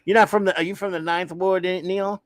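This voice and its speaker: Rambling New man, slightly high voice. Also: level tone, a little fast, no echo. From New Orleans, USA. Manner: rambling, self-interrupting, playful. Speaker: podcast host reading chat. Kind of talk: casual chat.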